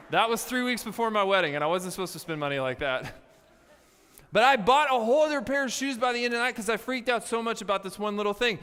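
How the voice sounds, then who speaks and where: A young man giving a youth camp sermon, telling stories with playful asides and lively energy. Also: high-pitched, smooth, long reverb tail. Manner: animated storytelling with playful asides. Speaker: youth pastor. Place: large hall with a live audience.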